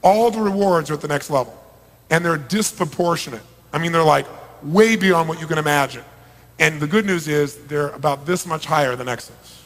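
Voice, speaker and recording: Male motivational speaker, middle-aged, high voice, emphatic stage delivery, big reverberant hall. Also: a little fast. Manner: emphatic, swings from hushed to shouting. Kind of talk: live seminar talk to an audience. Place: large event hall. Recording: long reverb of a large hall.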